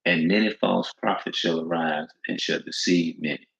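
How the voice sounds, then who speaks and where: This man preaches on the street with a low-pitched, steady, creaky voice that's a bit bright, moving at normal speed. Reading scripture and preaching informally, he repeats himself emphatically in slang, pressing hard on stressed words. The sound is dull and lo-fi, with room echo.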